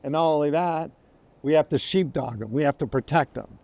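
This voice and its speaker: A man's voice: a little high, brisk, dark tone, muffled recording. A middle-aged man who is a sheriff, speaking earnestly in an interview and repeating phrases for emphasis. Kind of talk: podcast interview, testimony.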